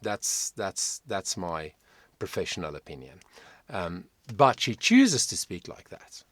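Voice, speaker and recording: A man's voice: deep voice, big pitch swings, takes it slowly, dry recording. A man working as a vocal coach, giving reflective, emphatic commentary in a reaction video.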